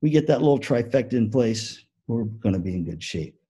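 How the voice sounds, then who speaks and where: Keynote speaker, man, mellow and a bit husky, animated storyteller. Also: medium pitch, brisk. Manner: animated storytelling with acted-out quotes. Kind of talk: conference keynote talk.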